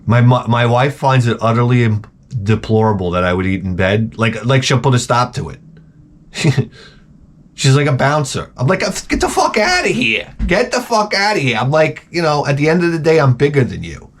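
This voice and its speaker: Animated, foul-mouthed middle-aged man telling stories. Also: moderate pace. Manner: animated, profane, jumps into high-pitched exclamations when quoting himself. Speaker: host. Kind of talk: casual storytelling rant.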